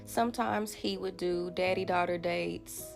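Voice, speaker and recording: A woman's voice: fairly low pitch, steady tone, unhurried, creaky, music in the background. A woman telling an earnest, reflective story to camera.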